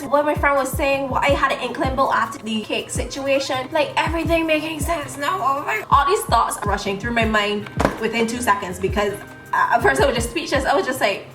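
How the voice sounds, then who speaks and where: A young woman in her twenties with a fairly high voice, chatting through a story while doing her makeup. She talks in an animated, casual way. The room sounds roomy, with music playing behind her. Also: fairly quick. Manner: applying makeup while talking. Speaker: beauty vlogger.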